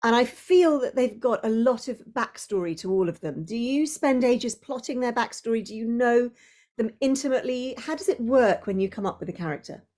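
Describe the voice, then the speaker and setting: A woman's voice: on the high side, animated, normal speed, a little mellow. A woman interviewer asking eager questions about a writer's books and characters.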